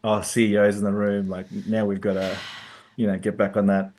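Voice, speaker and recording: A man's voice: lowish voice, level tone, brisk, a little mellow. A man, co-hosting a podcast in casual, thoughtful chat, laughing often. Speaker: podcast co-host.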